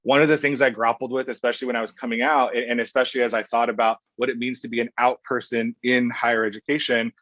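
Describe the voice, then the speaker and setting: A man from Oklahoma speaking as a guest in a podcast conversation, talking thoughtfully with pauses and restarts. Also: medium pitch, flat delivery, fairly bright tone, dry recording, dull audio. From Oklahoma, USA. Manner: thoughtful, hesitant with fillers and restarts. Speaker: guest, professor.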